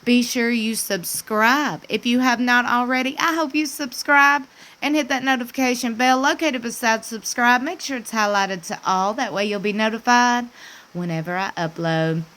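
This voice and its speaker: A woman's voice: on the high side, moderate pace, fairly bright tone, poor audio. A woman, chatting to her viewers in gushing, repetitive commentary with folksy asides. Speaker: celebrity gossip vlogger.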